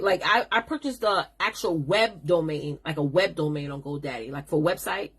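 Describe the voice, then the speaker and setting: A woman hosts a casual live-stream lesson for her viewers. Her voice has a husky, breathy grain and sits at an ordinary pitch. She talks in a chatty, sassy way and calls her audience honey. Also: fairly bright tone. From New York. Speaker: business coach hosting a live stream.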